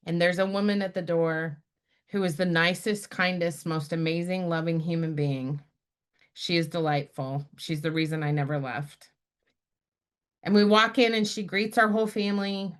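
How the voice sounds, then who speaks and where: A woman's voice: fairly low pitch, clean tone. A middle-aged woman from Utah, a spiritual director telling a personal story in a conversation and acting out the people she quotes. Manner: animated storyteller, acts out quoted friends. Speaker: guest, spiritual director and activist.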